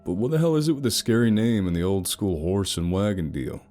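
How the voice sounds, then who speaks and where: A man's voice: fairly low pitch, very animated, fairly quick, warm tone, faint music behind. A man narrating a first-person romance horror story in a wry, sarcastic storytelling manner.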